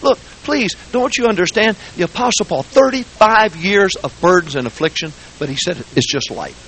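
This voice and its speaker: A man preaching a folksy, joking sermon in a church, swinging between quiet asides and shouting. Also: high voice, expressive, moderate pace, slight background noise. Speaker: guest preacher. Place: church sanctuary.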